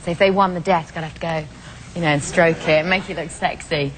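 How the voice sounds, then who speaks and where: A British woman from England, a talk show guest chatting casually and telling animated stories. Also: low voice, quick pace, slight background noise, rough recording. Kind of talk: casual chat.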